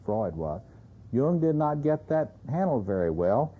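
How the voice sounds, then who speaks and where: A man's voice: medium pitch, sing-song, a little slow, husky. A man giving a seminar lecture in a conversational way, often checking in with his audience. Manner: conversational, keeps checking in with "you see". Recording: dull lo-fi lecture tape.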